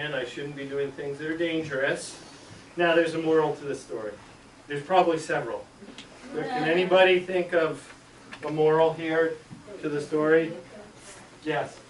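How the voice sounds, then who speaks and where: A man, a school superintendent, telling a childhood story to schoolchildren and acting out the yelps and shouts. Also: fairly high pitch, slight background noise. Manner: animated, acts out yelps and shouts. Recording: echoey room, mic far off.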